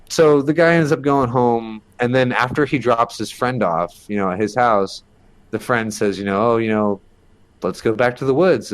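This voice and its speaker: A man telling a creepy story as a podcast guest, in a rambling, casual way full of fillers and the odd swear. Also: lowish voice.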